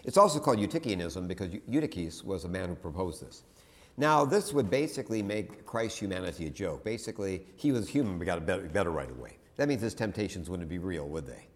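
Male lecturer, low voice, loose and conversational, prone to tangents and restarts. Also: lively intonation, quick pace. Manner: conversational, digressive, with many restarts and asides. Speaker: teacher. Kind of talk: classroom lecture.

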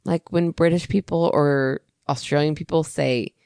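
A woman's voice: low voice, fairly even intonation, a little slow, vocal fry, mellow, no echo, clean studio sound. A woman co-hosting a podcast in casual chat, playful and teasing in her banter. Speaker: podcast co-host.

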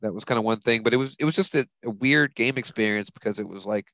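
Easygoing male podcast host, low voice. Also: fast, fairly bright tone, dry recording, poor audio. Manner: chuckles often, loose and rambling. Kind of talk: casual sports chat.

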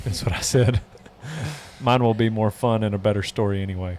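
A man with a fairly low voice reads listener questions aloud and fires back short, dry, joking advice. The talk is relaxed and casual, with a faint hum of room noise behind him. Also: normal speed. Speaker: host reading out listener questions. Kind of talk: casual chat.

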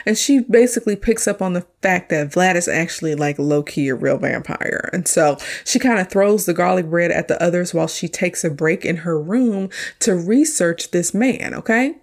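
A young woman talks through a sitcom episode in a loose, chatty way, dropping slang and laughing at her own asides. Her voice sits a little low. She sounds like a podcast host recapping for friends. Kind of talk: casual solo review recap.

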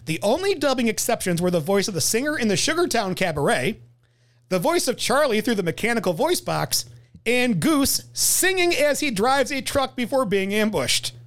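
A man's voice: very high-pitched, big pitch swings, normal speed, fairly bright tone. An American man co-hosting a casual movie podcast, reading film trivia aloud with frequent laughs. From United States. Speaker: podcast co-host.

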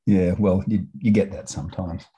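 Australian male podcast co-host, mellow low voice, a bit husky, a chatty storyteller who swears freely. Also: steady tone, moderate pace. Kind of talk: casual chat.

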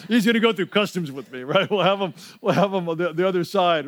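High-voiced man preaching a sermon. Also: expressive, normal speed, fairly bright tone, dry recording. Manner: storytelling, conversational with audience prompts. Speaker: pastor.

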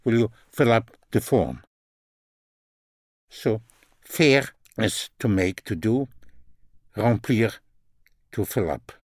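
A man's voice: medium pitch, dry recording, clean studio sound. A man teaching a spoken language lesson, repeating phrases and spelling words out letter by letter.

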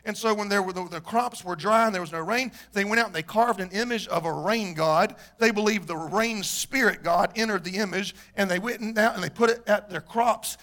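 Male pastor, high-pitched voice, emphatic sermon delivery, repeats key questions, throat-clearing habit. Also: a little fast, hardly any pauses, fairly bright tone.

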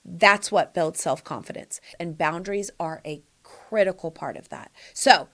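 A woman's voice: on the low side, unhurried, a bit bright. A woman in her forties hosting a podcast, giving sassy, emphatic advice straight to her listeners in casual chat. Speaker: podcast host answering listener questions.

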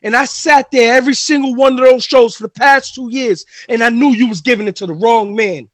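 A man's voice: extremely high pitch, fairly quick, no echo. A man who wrestles, cutting an intense trash-talking promo on a live podcast. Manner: intense trash talk, rising to shouting.

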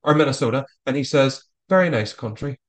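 A man's voice: mid-range voice, fairly quick. A man talking as a guest in a casual interview, rambling with frequent stammered restarts. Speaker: author guest.

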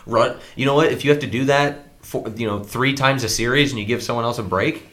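Bright-voiced man in casual sports chat. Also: medium pitch, a little fast. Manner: joking, rambling, teasing. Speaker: podcast co-host.

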